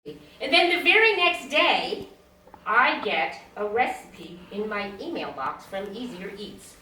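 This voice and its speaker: A woman's voice: mid-range voice, big pitch swings, slow, sharp tone, slight background noise. A woman in her sixties performing a stand-up comedy set, telling stories, acting out the dialogue and laughing at her own jokes. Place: small comedy stage. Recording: roomy sound from a distance.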